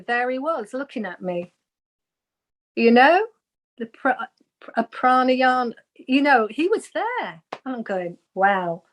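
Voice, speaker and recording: A woman, a guest on an interview show, earnestly telling a personal spiritual story and acting out the voices she quotes. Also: fairly high pitch.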